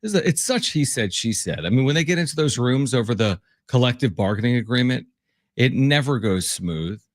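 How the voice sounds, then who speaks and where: A man's voice: medium pitch, lively intonation, brisk, dry recording, studio quality. Bantering male sports radio host. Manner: bantering, reads listener texts. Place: radio studio. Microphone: studio mic.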